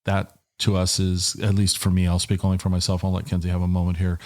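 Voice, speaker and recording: This middle-aged podcast host from Washington State talks fast in a deep, monotone, darkish voice. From his small office, he rambles into a headset and studio microphone, joking and breaking off to start over.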